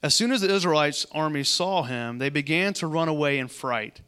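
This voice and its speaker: A man delivering a sermon with a bright, forceful voice that sits a little higher than most. He reads a passage, then drops into relaxed, chatty asides before returning to the text. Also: smooth. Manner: conversational, quick asides between read passages. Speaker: preacher. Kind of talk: sermon reading and commenting on scripture.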